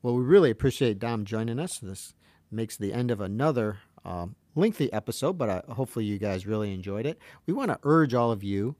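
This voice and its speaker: A man's voice: fairly low pitch, expressive, fairly quick, darkish tone, dry recording. A man co-hosting a podcast, wrapping up the episode in a casual, agreeable manner. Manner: brief, agreeable interjections. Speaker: podcast co-host. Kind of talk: casual podcast talk and outro.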